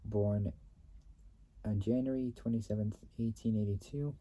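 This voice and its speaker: A man reads history aloud at a slow, unhurried pace, stumbling and going back over his phrases. His voice is very dark and mellow, with a husky edge. He breaks off now and then to clear his throat. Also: fairly low pitch, fairly even intonation. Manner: stumbling reader who repeats and restates phrases. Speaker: channel host reading company history. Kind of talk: halting read-aloud history recap.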